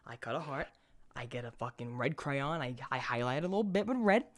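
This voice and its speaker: A young man hosting a podcast, telling stories in an animated, foul-mouthed way. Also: mid-range voice, fairly quick, no room sound. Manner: animated storytelling, swears a lot. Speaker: podcast host. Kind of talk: casual podcast chat.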